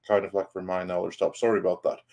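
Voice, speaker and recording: A man with a Norwegian accent, a panelist on a live-stream podcast, chatting in a relaxed, hesitant way full of fillers. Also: low voice, fast talker, creaky. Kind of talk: casual live-stream chat.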